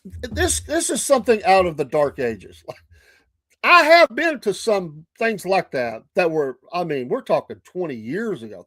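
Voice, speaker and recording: This time the older Southern podcast host comes across with a high voice in a dry recording. Chuckling and animated, he rambles through a casual story, restarting as he goes.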